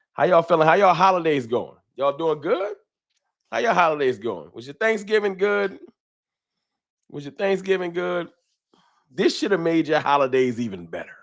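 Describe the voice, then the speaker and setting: A man chatting casually on a live stream at home, speaking into a desk microphone. He greets viewers one by one in easygoing slang and keeps up a loose, running talk with the chat. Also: mid-range voice. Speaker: livestream host. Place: home room with a wall sign.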